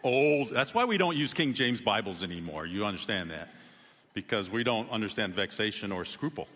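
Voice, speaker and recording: A man preaching a sermon in a conversational way, with sudden emphatic rises in pitch. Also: expressive, normal speed, fairly bright tone, long reverb tail. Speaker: pastor.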